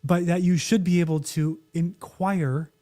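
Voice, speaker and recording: A man co-hosting a podcast with a mellow, warm tone and a slightly higher pitch. He chats casually, offers wry opinions and acts out quotes. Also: fairly even intonation, measured pace. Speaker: podcast co-host.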